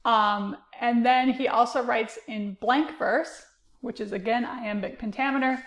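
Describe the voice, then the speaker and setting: A woman's voice: fairly high pitch, fairly even intonation, unhurried, fairly bright tone, roomy sound. A woman teacher giving a recorded lecture, explaining with frequent uh and um fillers. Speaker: literature teacher.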